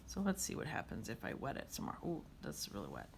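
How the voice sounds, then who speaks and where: A woman's voice: rumbling low, wildly swooping pitch, fast talker, gravelly, a little hiss or hum. A woman teaching a watercolor demonstration, chatting and thinking aloud as she paints.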